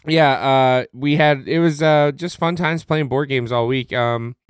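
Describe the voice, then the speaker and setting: Podcast guy, mid pitch, smooth voice, blunt and swears, no room sound. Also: unhurried, no room sound, studio quality. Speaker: podcast co-host. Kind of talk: casual chat.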